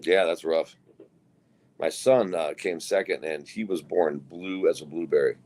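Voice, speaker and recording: A man's voice: low-pitched, steady tone, unhurried, a little mellow. A middle-aged man co-hosting a casual podcast, telling profane stories and acting out the voices of the people in them. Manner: profane storyteller, acts out quoted voices. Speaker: podcast co-host.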